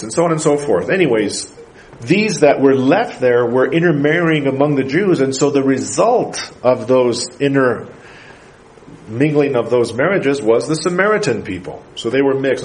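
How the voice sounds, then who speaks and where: A man's voice: mid-range voice, a little hiss or hum, rough recording. A male pastor preaching a sermon, reading scripture aloud and explaining it emphatically.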